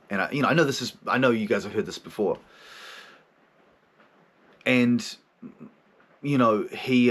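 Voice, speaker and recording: A man's voice: lowish voice, fairly bright tone. Profane, candid man talking. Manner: frank and profane, laughing often, acting out his inner voices. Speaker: podcast host, therapist. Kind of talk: casual candid monologue.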